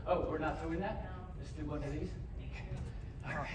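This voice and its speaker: A man's voice: fairly high pitch, fairly even intonation, normal speed. A man doing comedy patter from a stage, joking with the crowd and urging it to cheer. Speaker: variety performer. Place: large cruise ship theater. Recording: echoey theater filmed from far off. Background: audience noise.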